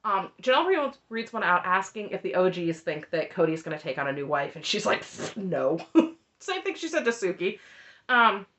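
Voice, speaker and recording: A woman's voice: mid-range voice, big pitch swings, a little fast, a bit bright. A woman giving an opinionated, sarcastic recap of a reality TV show, laughing often as she talks. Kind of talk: opinionated reaction commentary.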